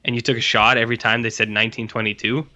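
Rambling jokey man, bright, slightly dull recording. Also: mid-range voice, little pitch movement, rapid-fire. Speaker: podcast co-host. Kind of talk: casual chat. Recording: dull lo-fi sound.

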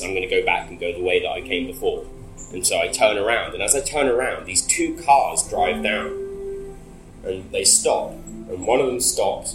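Low-voiced man telling a rambling story. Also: a bit bright, reverberant, low-quality recording. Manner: rambling, swears often, laughs between phrases. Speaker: interviewee. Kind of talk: casual storytelling.

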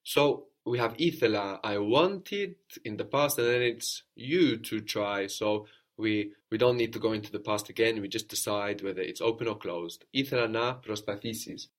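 Male language tutor, fairly low-pitched, patient, explains grammar and echoes the student's answers. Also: normal speed. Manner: patient, prompting, repeats answers and confirms. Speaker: language teacher. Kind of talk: guided language lesson.

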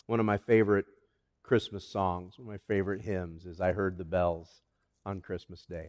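A man preaching a sermon as a pastor, with animated delivery that swings from loud calls to hushed lines. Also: lowish voice, moderate pace. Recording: long hall reverb.

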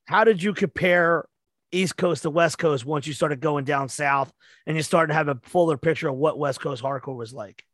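A man's voice: fairly high pitch, normal speed, a bit bright, no echo, studio quality. A man hosting a podcast, asking loose questions with fillers and some swearing. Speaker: host. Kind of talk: casual podcast interview.

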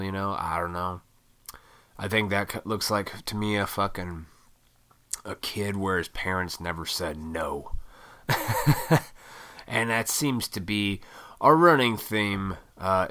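A man's voice: sits low, pushed and bright, clear, resonant tone. A man in his thirties ranting casually, rambling and swearing a lot as he gives his opinions. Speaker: vlogger. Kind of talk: casual rant.

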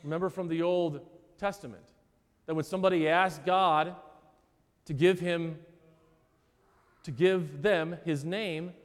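A man preaching a sermon as pastor, earnest and emphatic, often repeating words and pausing for effect. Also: fairly high pitch, fairly even intonation. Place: church sanctuary. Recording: church hall with long reverb.

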